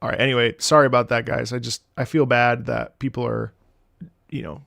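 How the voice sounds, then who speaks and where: A man streaming live, excitably reacting to music, reading chat and swearing often. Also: medium pitch, normal speed, vocal fry, dry recording, studio quality.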